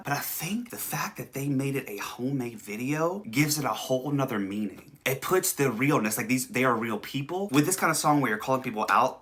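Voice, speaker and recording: Chatty young man with a bright voice. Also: mid-range voice. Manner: chatty, animated, laughs often. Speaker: host. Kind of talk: casual reaction commentary.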